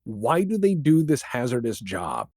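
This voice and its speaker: A man guest on a podcast, talking casually and firing off rhetorical questions in a lively way. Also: mid-range voice, breathy edge, no echo, studio quality. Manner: animated, rapid-fire rhetorical questions. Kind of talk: casual interview chat.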